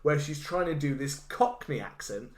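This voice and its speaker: A man's voice: on the high side, animated, normal speed. A man co-hosting a podcast, chatting casually about a film, rambling with lots of fillers, restarts and swearing. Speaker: podcast co-host. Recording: roomy echo.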